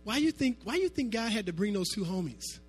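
A man preaching a sermon to his congregation, animated and conversational, dropping to quiet asides and then climbing to loud, emphatic peaks. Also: high-pitched, brisk, husky, soft background music. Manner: animated, swinging from soft asides to shouting. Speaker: pastor.

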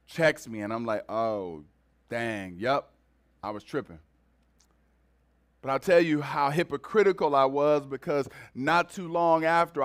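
A man preaching a sermon to his church, his voice sitting a little high for a man. He talks to the congregation like they are family, repeating words and restarting phrases as he builds each point. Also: clean tone. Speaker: pastor.

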